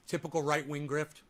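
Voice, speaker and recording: Guy with a high bright voice doing a sarcastic reaction stream, yells a lot. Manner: sarcastic, swings into yelling rants. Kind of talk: casual reaction commentary.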